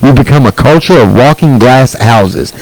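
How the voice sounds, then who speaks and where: Expressive and a little mellow, this man's mid-range voice carries an angry, sarcastic stand-up rant at normal speed, full of profanity and mocking put-on quotes. The recording is dry and rough.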